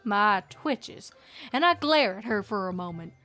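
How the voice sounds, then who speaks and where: A woman reading a fanfic audiobook brings a young female farm pony playing outlaw to life with a Southern drawl, grumbling and bragging. Her mid-range voice is animated and sharp-toned at a measured pace, over faint background music.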